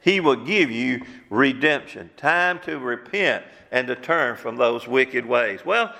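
A man's voice: mid-range voice, lively intonation, slow, vocal fry, sharp tone. A man preaching a sermon as pastor, using fervent rhetorical questions. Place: church sanctuary. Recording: long church hall reverb.

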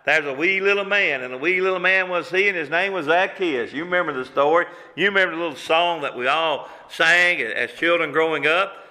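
Bright-voiced older man preaching in a reverberant hall. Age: 60s. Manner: slows and drops low for quoted lines, folksy preaching cadence. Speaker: pastor. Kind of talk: sermon. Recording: long reverb of a large room.

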